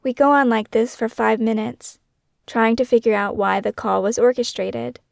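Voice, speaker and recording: A woman narrating her own scripted true-crime podcast in a measured, questioning, somber way. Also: fairly high pitch, fairly even intonation, vocal fry, no echo, studio quality.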